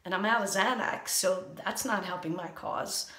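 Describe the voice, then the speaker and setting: A woman's voice: mid-range voice, moderate pace, pushed and bright. A woman doing a comic vlog monologue, anxious and rambling, with a sarcastic edge, recorded in a small bathroom. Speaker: comedian. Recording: echoey bathroom.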